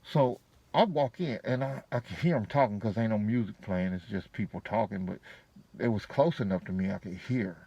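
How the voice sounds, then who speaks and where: A man's voice: on the low side, normal speed, vocal fry, warm tone, slightly rough, no room sound, muffled recording. A man telling a casual personal story to his viewers, slangy and profane with a laid-back delivery. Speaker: vlogger.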